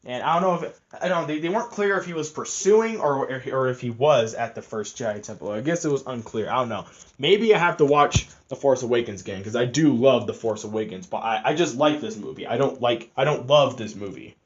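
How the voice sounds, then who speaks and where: A man's voice: mid-range voice, expressive, fairly quick. A young man giving a rambling, profane, casual film review, full of fillers and restarts. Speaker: movie reviewer. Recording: slightly muffled lo-fi audio.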